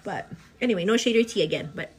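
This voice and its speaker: A chatty young woman, pregnant, talks through her morning routine in a relaxed, animated way, peppering everything with fillers. Her voice sits in a middling pitch, recorded on a phone or webcam at home with faint music playing behind her. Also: normal speed, husky. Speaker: vlogger. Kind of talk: casual get-ready-with-me chat. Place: indoors at home, getting ready.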